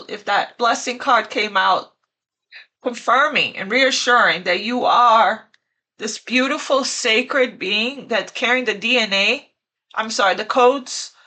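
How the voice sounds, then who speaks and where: Her voice fairly high, bright and forceful, this woman reads tarot in a relaxed way while tearing up. Emotion catches in her throat as she gushes and says the same phrases again and again.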